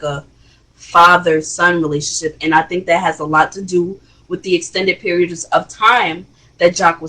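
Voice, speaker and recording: A woman hosting a casual reality TV review, chatty and expressive, with rising exclamations. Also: on the low side, husky, rough recording. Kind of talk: casual commentary.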